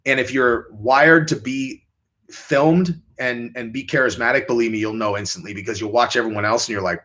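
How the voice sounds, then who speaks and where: This young man's livestream is a loose, crude ramble through viewer questions, with quotes delivered in high, mocking impressions. His intonation stays fairly even, his pace moderate, and his voice pushed and bright.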